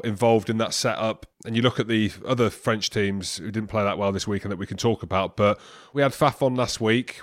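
A man's voice: fairly low pitch, fairly bright tone, no room sound. Dry-sounding chatty male podcast host. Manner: chatty and teasing. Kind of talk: casual podcast banter.

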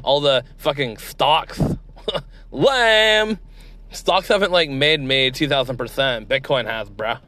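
A man's voice: mid-range voice, slow pace, bright, forceful tone, no room sound. A man putting on a crude, swaggering male crypto tycoon who talks like a valley girl, full of fillers and bro slang.

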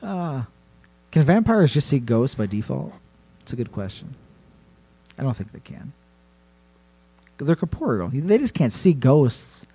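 A man's voice: medium pitch, big pitch swings, measured pace, pauses often, dark tone, slightly rough. A man hosting a casual podcast chat, telling a spooky story in a playful, rambling way and laughing often. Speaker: podcast host.

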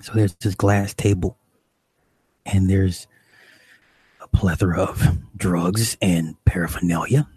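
A man telling a comic story in a casual, profane, animated way. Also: low-pitched, slow pace, long pauses, husky, no echo. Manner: animated, profane, acts out the people he describes.

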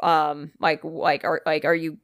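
A woman co-hosting a podcast, telling a story in a rambling, animated way, full of "like" and casual swearing. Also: low-pitched, a little slow, no room sound, studio quality. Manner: rambling, animated, swears freely, fillers like "like" and "kinda". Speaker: podcast co-host.

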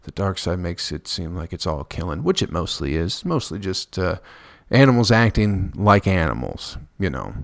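Man, podcast host, low voice, gravelly fry, profane rambling comedy, dry close recording. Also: sing-song, normal speed, few pauses, no room sound. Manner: rambling, profane, laughs at his own jokes. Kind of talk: crude comedic podcast monologue.

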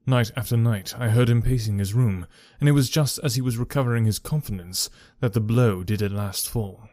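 A man voicing a troubled young gentleman who earnestly recounts a family ordeal. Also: mid-range voice, normal speed, no room sound, clean studio sound, lightly acted. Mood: grave. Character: young gentleman, troubled, telling of his father's ruin.

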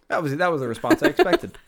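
A woman's voice: fairly low pitch, a bit bright. A woman hosting a podcast, joking and teasing her guest in casual banter. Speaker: podcast host.

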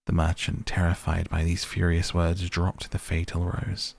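A man narrating a bedtime story as the host of a sleep podcast, in a gentle, measured reading. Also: sits low, completely flat delivery, gravelly, dry recording.

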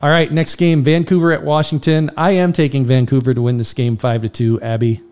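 A man's voice: mid-range voice, flat delivery, fairly quick, a little mellow, smooth. Easygoing middle-aged man hosting. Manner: runs the picks in order, laid-back. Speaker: host. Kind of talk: casual chat.

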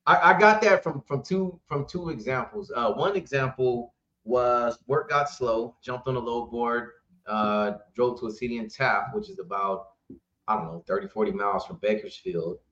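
In a casual storytelling interview, a man who owns a trucking company recounts tales as a podcast guest, acting out the voices of the people involved and laughing often. He speaks at a moderate pace in a medium-pitched voice, and the audio is roomy and a bit dull.

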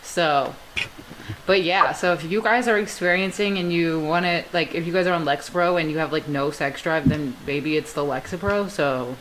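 A young woman from Georgia co-hosting a podcast in casual chat, blunt and joking, often trailing into low mutters. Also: normal speed, a bit bright, low-quality recording. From Georgia, USA. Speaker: podcast co-host. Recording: faint background noise.

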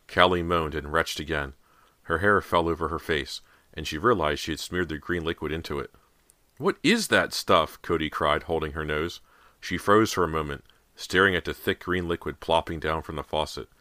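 Very deep-voiced male horror narrator. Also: sharp tone, no room sound. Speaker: audiobook narrator.

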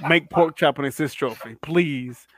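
A man co-hosting a casual podcast chat, relaxed and slangy, often listing things off. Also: on the high side, normal speed. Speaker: podcast co-host.

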